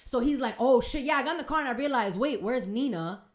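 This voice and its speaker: A young woman, hosting a podcast and telling a story in a casual, animated way, full of slang and swearing. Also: high voice, fast, roomy sound. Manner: animated, swearing, slangy retelling with acted quotes. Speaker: podcast host.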